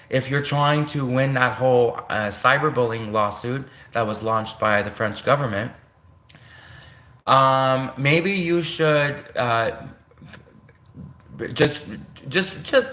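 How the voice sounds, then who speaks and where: Seated in a chair at his home desk, a Canadian man vlogs in a rambling, casual monologue that keeps restarting and veering into asides. The voice is medium in pitch, pushed and bright, with plenty of reverb.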